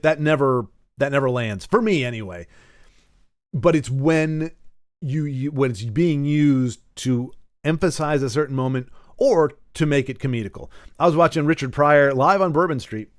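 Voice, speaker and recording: A man's voice: a little high, no room sound, clean studio sound. A man talking alone on a podcast, rambling and emphatic, with frequent restarts and self-corrections. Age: adult who grew up with Nintendo. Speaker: podcast host. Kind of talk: solo podcast monologue.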